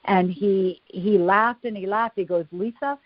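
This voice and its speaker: A woman guest in an interview telling stories in a lively, animated way. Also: mid-range voice, unhurried. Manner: lively storyteller, animated and laughing. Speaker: psychic-medium guest. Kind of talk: storytelling in an interview. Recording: dull lo-fi dry sound.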